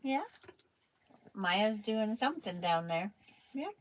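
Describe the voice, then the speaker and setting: A woman's voice: medium pitch, lively intonation, takes it slowly, slight background noise, low-quality recording. An older woman hosting a casual quilting chat, chatting and cooing to a toddler in baby talk. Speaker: quilting channel host.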